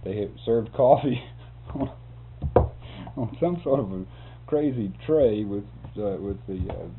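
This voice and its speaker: This interviewee's fairly low, expressive voice moves a little slowly as he rambles through a long story about work. Chuckles and restarted words come often, and the tape has a lo-fi, phone-like quality with a faint hum.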